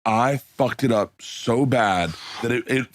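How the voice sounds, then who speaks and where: A man's voice: mid-range voice, slow. A man telling a crude comic story in a blunt, brash, casual way. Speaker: comedian.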